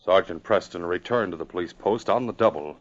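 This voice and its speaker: A man narrating an old radio adventure drama in a brisk, dramatic way. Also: low-pitched. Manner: brisk and dramatic, rising with the action. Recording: dull old radio recording with hiss.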